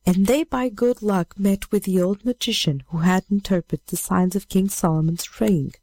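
A woman reading a fairy tale aloud in a measured, steady way. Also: mid-range voice, dry recording. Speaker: storyteller.

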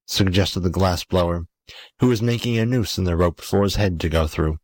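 A man narrating a classic story as an audiobook, calm and even. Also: low-pitched, normal speed, dry recording.

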